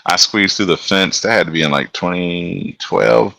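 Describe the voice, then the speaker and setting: A very deep-voiced man tells easygoing stories as a podcast guest. His tone is bright and forceful despite the low pitch. He laughs often and acts out the voices of the people in his stories. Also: normal speed, creaky, no room sound. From Alabama. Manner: laid-back storyteller, laughs often, acts out quotes. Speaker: guest, locomotive engineer. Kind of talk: casual storytelling on a podcast.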